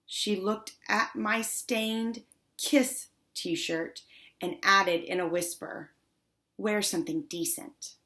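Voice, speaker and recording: A woman reading first-person audiobook narration with wry, deadpan asides. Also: mid-range voice, extremely slow.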